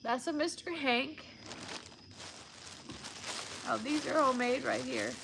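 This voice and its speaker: A woman talks casually on a live stream, chatty and close to tears. Her voice sits a little high and has a gravelly fry. Loud background noise and crinkling sounds run under her words. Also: slow. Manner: emotional, often near tears, chatty. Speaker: vlogger opening viewer gifts.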